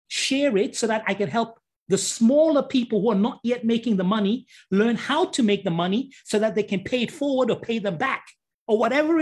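Husky animated man telling a story. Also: high-pitched. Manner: animated, acts out others' lines. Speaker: guest. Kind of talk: storytelling in conversation.

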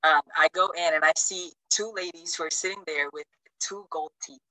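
A woman's voice: normal speed, dry recording, poor audio. A woman from Chuuk in Micronesia, telling a travel story in a casual way on a video call. She acts out the quotes with big jumps in her voice and uses a lot of "like". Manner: animated, acts out quotes with big pitch jumps, many "like" fillers.

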